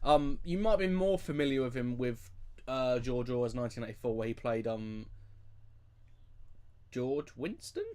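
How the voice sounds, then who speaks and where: A man's voice: medium pitch, moderate pace, long pauses, a little mellow, smooth. A young man chatting through a film commentary, joking and rambling with trivia asides.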